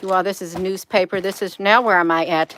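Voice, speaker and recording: A woman's voice: fairly low pitch, fairly even intonation, a little fast, fairly bright tone, a little hiss or hum. A woman, rambling emphatically to her viewers in a casual livestream. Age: 50s. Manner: rambling, emphatic, addresses viewers as "you all". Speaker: channel host.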